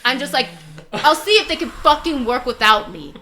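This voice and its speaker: A young woman from Canada playing her character in a tabletop role-play game, talking in an animated, rambling way full of "like" and swearing. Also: high voice, moderate pace, a little hiss or hum. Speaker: player.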